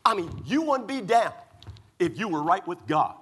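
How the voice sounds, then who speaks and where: A pastor from Maryland delivers a sermon in a church, his voice sitting a little higher than most men's. He mixes homey stories with emphatic rhetorical questions. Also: very animated, normal speed, a bit bright, husky. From United States (Maryland). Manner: folksy storytelling preacher, rhetorical questions, emphatic.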